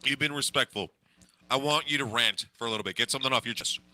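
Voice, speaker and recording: A man's voice: medium pitch, quick pace, bright, forceful tone. A male podcast host leading a loose, jokey chat. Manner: loose, jokey, talks while eating. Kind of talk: casual chat.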